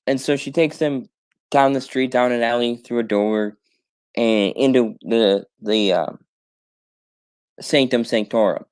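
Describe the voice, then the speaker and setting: Rambling man pitching a story idea. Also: darkish tone, smooth. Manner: halting, many fillers and restarts. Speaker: podcast host pitching a fan script.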